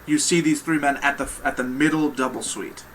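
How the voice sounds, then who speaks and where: A man running a tabletop horror game as game master, narrating with loose, halting restarts. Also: medium pitch, a bit bright, a little hiss or hum, poor audio.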